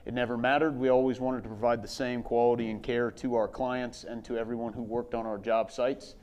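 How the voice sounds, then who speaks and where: A man who is a construction safety manager, introducing his company at a conference in a steady, slightly scripted way with some fillers. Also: medium pitch, a little fast, a little hiss or hum.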